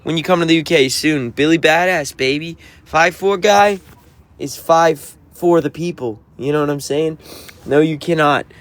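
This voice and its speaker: A man's voice: on the high side, fairly even intonation, moderate pace. A man, a touring musician, reading out and answering viewer comments on a livestream in a sassy, teasing, mock-offended way. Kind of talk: livestream reading chat aloud.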